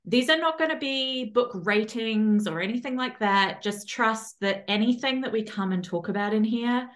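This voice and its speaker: A woman hosting a casual podcast, excitable, swearing freely and laughing often. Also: on the high side, moderate pace. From New Zealand. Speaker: podcast host.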